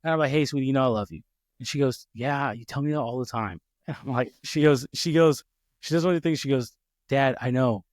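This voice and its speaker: Rambling, animated man telling a story. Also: mid-range voice, quick pace, dry recording, clean studio sound. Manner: rambling, animated, many restarts and fillers. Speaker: podcast host. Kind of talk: casual storytelling chat. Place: home office.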